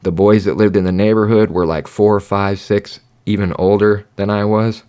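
A man with a very low, deep voice talks through his own story in a loose, rambling way. He swears constantly and speaks bluntly. It sounds like a candid solo podcast monologue. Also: little pitch movement, normal speed, dark tone, clean tone. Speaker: podcast host.

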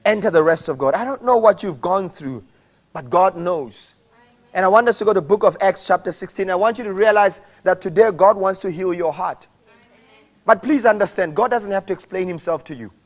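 Male pastor, high voice, animated sermon delivery with shouted peaks. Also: a little fast.

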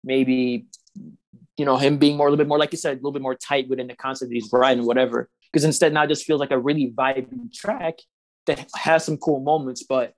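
A man with a mid-range voice talks on a podcast, lively and opinionated. He argues his points casually, with a playful edge. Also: mid-range voice, fairly quick. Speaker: podcast co-host. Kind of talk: casual chat.

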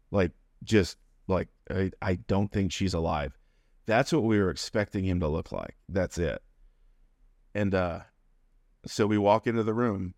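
Low-voiced man telling a personal story. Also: dry recording, clean studio sound. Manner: animated, acts out quoted voices. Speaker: interview guest.

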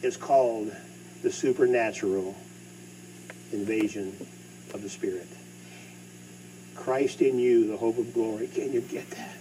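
A middle-aged man preaching a sermon as pastor, swinging between loud bursts and hushed asides. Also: medium pitch, moderate pace. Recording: distant mic with faint hum.

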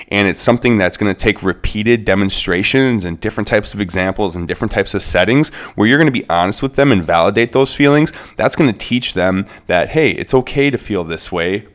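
A man in his thirties co-hosts a parenting podcast, talking through why children act out. His voice is fairly low, and he reasons aloud in an easy, conversational way. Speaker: podcast co-host.

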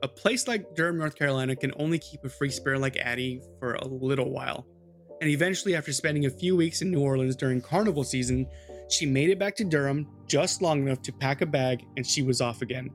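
A man's voice: mid-range voice, fast, soft background music. A man hosting a podcast, telling a true-crime story in a loose, chatty way with swearing and asides to his co-host.

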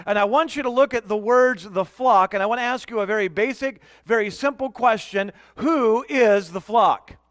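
A middle-aged man preaching a sermon as guest pastor, emphatic, slowing down to stress key words and questioning the congregation. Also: sits high, fairly bright tone, no echo, studio quality, big-room sound. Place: church sanctuary.

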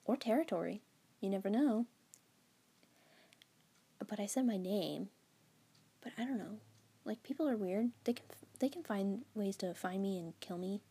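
A woman's voice: mid-range voice, animated, a little slow, long pauses, mellow, breathy edge. A teenage girl chatting on her own podcast at home, rambling with lots of fillers and giggles. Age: teens. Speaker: podcast host. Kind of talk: casual solo podcast chat. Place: at home, lying on her bed.

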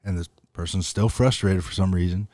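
A man in casual podcast chat, telling a story with lively quoted dialogue and plenty of swearing. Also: low-pitched, a little fast, no echo, studio quality. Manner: animated storytelling, acts out quotes, swears freely.

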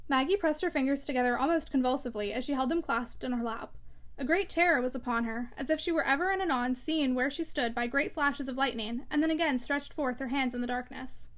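A woman narrating a classic novel aloud with measured expression. Her voice is high and clear in pitch. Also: a bit bright. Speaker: audiobook reader.

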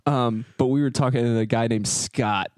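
A man's voice: medium pitch, fairly even intonation, moderate pace, no room sound, studio quality. A man co-hosting a podcast, telling a running story in casual chat with lots of fillers. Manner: storytelling with quoted voices, frequent fillers. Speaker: podcast co-host.

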